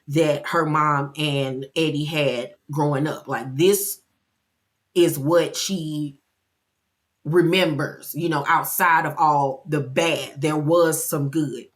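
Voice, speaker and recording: A woman chattily recapping a TV episode in a casual, expressive way. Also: low voice. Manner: chatty and expressive, acting out quotes. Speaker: TV show recapper.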